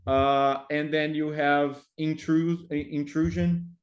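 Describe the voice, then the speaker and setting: Male teacher trainer, somewhat high voice, halting delivery full of fillers. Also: little pitch movement. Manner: hesitant, many fillers, frequent tag "right?". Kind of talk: explaining classroom activities.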